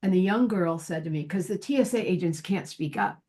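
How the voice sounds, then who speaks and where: A woman's voice: on the low side, brisk, dark tone. A woman from the United States speaking on a panel over a video call, telling a personal story in an earnest, indignant way.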